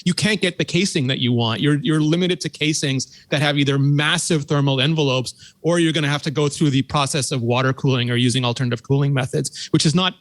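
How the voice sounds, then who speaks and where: A man on a tech podcast panel, explaining hardware in quick, technical casual talk. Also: on the high side, no echo. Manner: fast, technical, laughs often.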